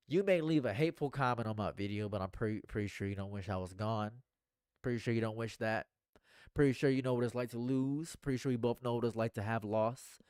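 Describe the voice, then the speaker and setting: A man streaming a rambling, earnest monologue, going from hushed to excited and repeating his phrases. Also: medium pitch, clean tone, no room sound, studio quality. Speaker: commentary streamer.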